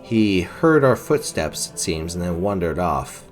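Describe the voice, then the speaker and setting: Deep-voiced man narrating a fantasy game. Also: big pitch swings, measured pace, faint music behind. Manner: retells characters' lines in first person, with fillers. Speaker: game player narrating a playthrough. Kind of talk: role-play narration of a video game.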